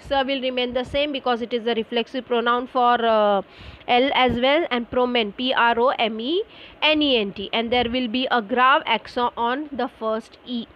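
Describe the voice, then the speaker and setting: High-voiced woman teaching French. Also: fairly even intonation, highs cut off. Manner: explains slowly with frequent fillers, spells words out letter by letter. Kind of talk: online classroom lesson.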